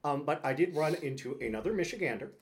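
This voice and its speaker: A man's voice: on the high side, lively intonation, quick pace. A man co-hosting a podcast, chatting easily and chiming in with short reactions. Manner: easygoing, chimes in with short reactions. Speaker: podcast co-host. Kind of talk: casual chat.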